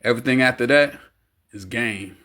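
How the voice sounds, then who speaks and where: A man voicing a cocky, teasing, smooth-talking womanizer in an audiobook. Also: medium pitch, normal speed, sharp tone, close to an everyday voice. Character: smooth-talking womanizing male friend, adult, brash.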